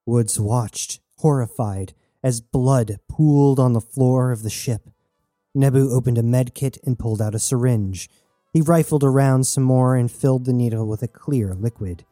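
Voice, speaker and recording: A man narrating an audiobook in a steady, measured way, recorded close and dry. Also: medium pitch, no echo, soft background music.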